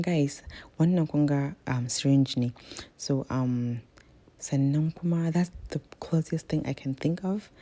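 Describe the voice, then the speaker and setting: Gravelly low-voiced woman. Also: dark tone. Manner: chatty, rambling, keeps addressing viewers as guys. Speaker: cooking vlogger. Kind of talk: casual cooking vlog.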